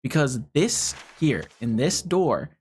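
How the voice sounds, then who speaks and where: A game streamer giving casual live commentary, talking a puzzle through out loud and swearing often in frustration. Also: mid-range voice, sing-song, slow, breathy edge.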